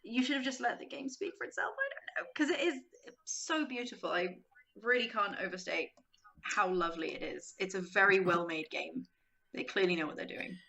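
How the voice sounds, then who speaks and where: A woman's voice: mid-range voice, normal speed, creaky, sharp tone. A young woman, a podcast guest, chatting casually, acting out quotes and laughing often.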